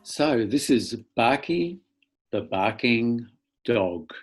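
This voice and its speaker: A man, a children's author, reading a picture book aloud to children in a playful, theatrical way with loud barks, over an online link from home. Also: mid-range voice, expressive, very slow, music in the background.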